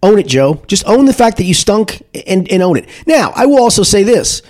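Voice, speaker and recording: Animated man with lively pitch. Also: brisk. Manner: animated, repetitive restarts, acts out shouted booing. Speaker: sports podcast guest. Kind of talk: casual sports talk.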